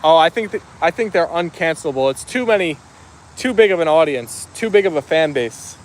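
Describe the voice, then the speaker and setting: A man's voice: on the high side, animated, brisk. A man hosting a casual live stream outdoors, chatting easily as he reads out viewer comments and answers them. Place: outdoors with his dogs.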